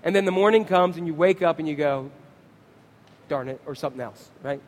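A middle-aged man, a pastor, preaching a sermon and asking the congregation questions in an animated way. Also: a little high, fast, long reverb tail.

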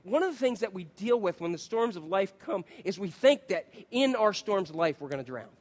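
High-voiced animated preacher man. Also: fairly quick. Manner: animated storytelling, acts out quotes, asks the congregation questions. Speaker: pastor. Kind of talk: sermon.

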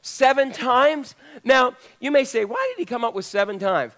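Guy preaching a sermon, kinda high voice, chatty, throws questions at the church. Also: huge pitch swings, brisk, fairly bright tone. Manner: conversational preaching, asks the congregation questions. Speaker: pastor.

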